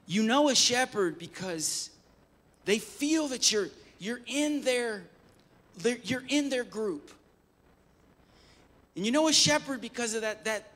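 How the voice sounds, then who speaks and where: Brief: male pastor, high voice, emphatic sermon delivery with restarts. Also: a bit bright. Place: church, live-streamed service.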